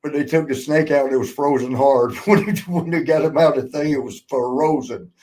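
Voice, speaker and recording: A man's voice: fairly high pitch, a little fast, darkish tone, rough recording. A man hosting a podcast, telling old road stories in a loose, casual chat, laughing often, swearing freely and acting out the people he quotes. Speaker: podcast host, former wrestler.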